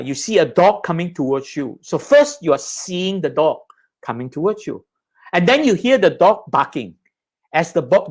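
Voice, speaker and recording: Patient man teaching Buddhist ideas. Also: fairly high pitch. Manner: patient, explanatory, checks in with "right?" and "okay?". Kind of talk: lecture explaining slides.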